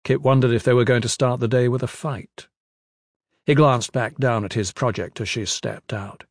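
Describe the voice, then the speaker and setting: A man's voice: mid-range voice, steady tone, normal speed, dry recording. Man narrating a fantasy audiobook, very dry.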